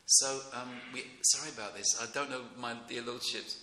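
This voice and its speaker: A middle-aged man giving an informal devotional class in a temple room, rambling and excitable, often breaking into chuckles. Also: medium pitch, normal speed. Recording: echoey room with faint noise.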